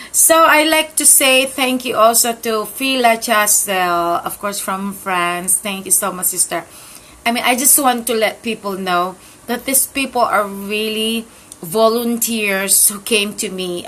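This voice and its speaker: A woman's voice: medium pitch, pushed and bright, slight background noise, poor audio. A woman hosting her own talk channel, chatting casually and gratefully, with many fillers and restarts. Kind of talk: casual chat to camera.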